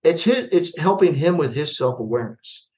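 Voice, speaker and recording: An older man, a retired army general, telling stories as a podcast guest, animated and self-deprecating, acting out the dialogue. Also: a little high, normal speed. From United States. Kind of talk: storytelling in a podcast interview. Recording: slightly dull lo-fi podcast audio.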